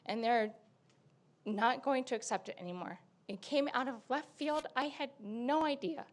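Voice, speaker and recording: A middle-aged mother pleads at a public meeting, her voice high and close to breaking. She talks in an emotional, near-tearful rush, asking for help. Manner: pleading, on the verge of tears. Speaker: parent speaking at public comment.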